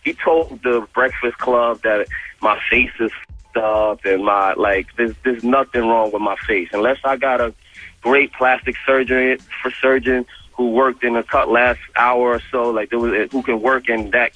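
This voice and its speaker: This radio guest, a man with a medium-pitched voice, speaks at a measured pace while spinning an animated yarn full of profane slang and acted-out dialogue. The recording has its highs cut off.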